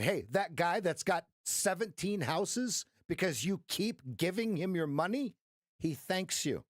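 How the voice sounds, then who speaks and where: A man's voice: on the high side, lively intonation, a little slow, no room sound, clean studio sound. A man coaching traders on a live stream, blunt, passionate and profane. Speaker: trading coach.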